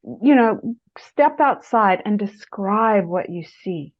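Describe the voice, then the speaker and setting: Woman guest, middle-aged, lively storyteller who acts out quotes, slightly dull lo-fi sound, average pitch. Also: slow. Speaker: author and guest speaker. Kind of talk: conversational interview advice. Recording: muffled lo-fi audio.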